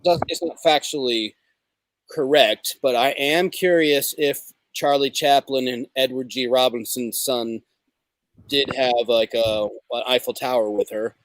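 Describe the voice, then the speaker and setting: A man's voice: medium pitch, fairly even intonation, unhurried, a bit bright, no echo. A man hosting a casual comedic livestream, rambling and hesitant, with lots of fillers. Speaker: show host.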